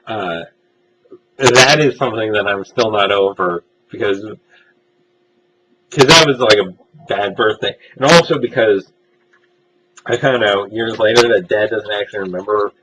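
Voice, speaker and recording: Young man, lowish voice, rambling casual storytelling, filler uhs, dull lo-fi recording with faint hiss. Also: fairly bright tone. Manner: rambling, self-deprecating, many filler uhs. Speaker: vlogger.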